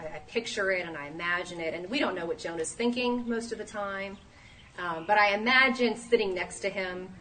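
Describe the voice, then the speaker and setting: Woman, 30s, sermon, animated storytelling, distant mic, faint room hum. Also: on the low side. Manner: animated, acts out quoted voices. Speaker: speaker at a church talk.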